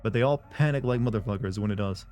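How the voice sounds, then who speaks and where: A man's voice: fairly low pitch, fast, a little mellow, faint music behind. A man on a live game stream chatting casually with viewers, rambling and offhand, with frequent swearing and restarts.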